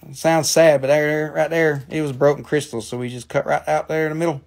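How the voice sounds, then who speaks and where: A man's voice: on the high side, level tone, a little fast, darkish tone. An American man hosting a live mineral sales stream, joking and casual, talking into a phone. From grew up near Washington, D.C. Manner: playful, jokey, swears casually.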